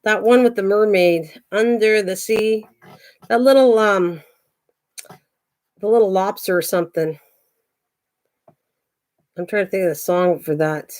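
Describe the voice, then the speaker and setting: An older woman hosts a relaxed craft livestream, chatting as she works. She thinks out loud, wanders between small tasks and greets viewers by name in an easy, homey way. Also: mid-range voice, measured pace, long pauses. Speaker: craft channel host. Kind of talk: casual livestream chat while crafting.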